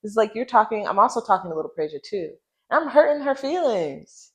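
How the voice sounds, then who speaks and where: A woman's voice: medium pitch, big pitch swings, a little fast, noisy background. A woman hosting a podcast in casual chat, reflective and easygoing, repeating words for emphasis. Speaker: podcast host.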